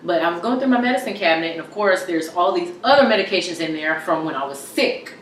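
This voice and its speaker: A woman giving an emotional personal testimony in an interview, halting and tearful, her voice dropping very soft at times. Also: lowish voice, animated. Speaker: interview guest. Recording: roomy echo from far off, faint hum.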